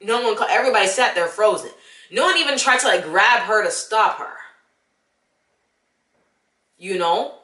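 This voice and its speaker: A young woman, casually ranting about a movie she saw and talking straight to the viewer in an animated, exasperated way. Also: medium pitch, moderate pace, long pauses, roomy sound. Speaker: vlogger. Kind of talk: casual movie review rant.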